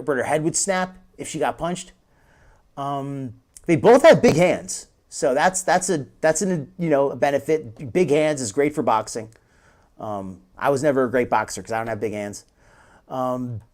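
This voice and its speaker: A man hosting a live stream, chatting casually and rambling with frequent restarts and chuckles. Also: a little high.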